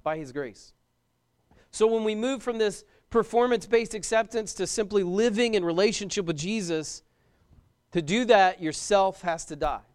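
A man's voice: high voice, moderate pace, clean tone. A young man preaching a sermon as a pastor, emphatic, repeating key phrases and questioning his listeners.

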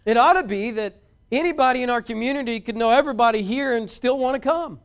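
A man preaching a sermon as a pastor, folksy and rising louder on key points. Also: very high-pitched, quick pace, clean tone.

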